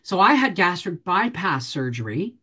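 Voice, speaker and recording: A middle-aged woman hosting a casual vlog, rambling to herself and her viewers while digging through old photos, with sudden loud, high exclamations. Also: very animated, moderate pace, breathy edge. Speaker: homestead vlogger.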